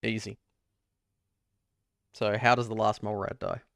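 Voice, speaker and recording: Gravelly-voiced male game master. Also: fairly low pitch, measured pace, dry recording, studio quality. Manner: relaxed, easygoing narration with filler words. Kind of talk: narrating a tabletop game.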